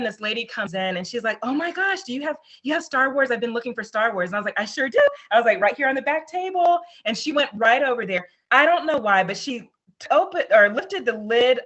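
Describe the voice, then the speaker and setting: A woman hosts a casual group video call. Her voice is bright and a little sharp. She tells stories with a lot of life. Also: medium pitch, muffled recording. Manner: animated storyteller. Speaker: host.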